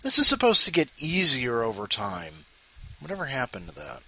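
A man's voice: mid-range voice, huge pitch swings, moderate pace, sharp tone, husky. A man hosting a podcast in casual chat, rambling with self-mocking asides. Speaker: podcast host.

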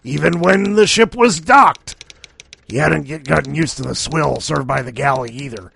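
Gravelly man reading short stories. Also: fairly high pitch, moderate pace, fairly bright tone, slight background noise. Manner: jokey, self-deprecating asides. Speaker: podcast host.

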